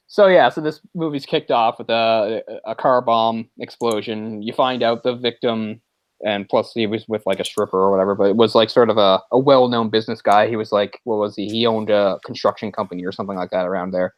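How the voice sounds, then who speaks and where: A man's voice: fairly low pitch, steady tone, brisk, no echo, lo-fi sound. A man co-hosting a casual movie discussion podcast, rambling, searching for words and laughing often. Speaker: podcast co-host.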